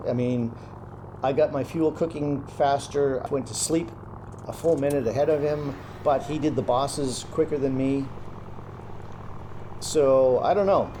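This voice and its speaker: Against some background noise, a young gaming commentator with a mid-range voice talks over his own play. His commentary is easygoing and casual, with him thinking out loud as the game goes on.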